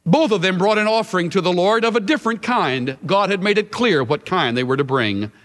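A man's voice: sits high, lively intonation, fairly quick, a bit bright, in a large hall. A man preaching a sermon as a Bible teacher, emphatic with dramatic shifts of emphasis.

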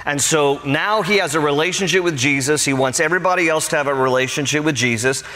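A man preaching a sermon as pastor, animated and storytelling, acting out the voices of people he quotes. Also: on the high side, fast talker, long reverb tail.

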